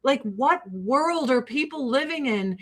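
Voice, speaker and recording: A woman's voice: high voice, expressive, unhurried. A woman host giving profane, exasperated commentary to her livestream viewers and mocking the people she talks about.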